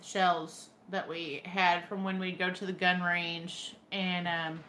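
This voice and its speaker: A woman's voice: fairly low pitch, little pitch movement, slow pace, pushed and bright, a little hiss or hum. A young woman with a Texan accent, chatting casually to her viewers and telling wry stories. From Texas. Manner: chatty, storytelling, wry and drawling. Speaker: vlogger. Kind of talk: casual chat to camera.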